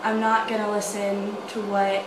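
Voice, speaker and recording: A woman's voice: medium pitch, completely flat delivery, normal speed. A young woman speaking earnestly and firmly about her own experience. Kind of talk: casual personal testimony. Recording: echoey room with clear noise.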